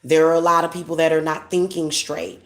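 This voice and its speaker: A woman's voice: sits low, little pitch movement, a little fast, reverberant. A woman speaking as a spiritual reader, preaching and scolding in a repetitive, indignant way with stumbling restarts. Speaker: spiritual reader and livestream host. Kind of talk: casual livestream monologue.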